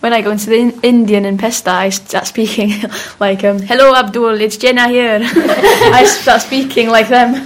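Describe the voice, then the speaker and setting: A woman's voice: on the high side, expressive, moderate pace, few pauses. Young woman, Welsh accent, giggly anecdotes, lots of ums, faint hiss. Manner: giggly storytelling, many fillers. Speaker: interviewee. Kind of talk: casual group discussion.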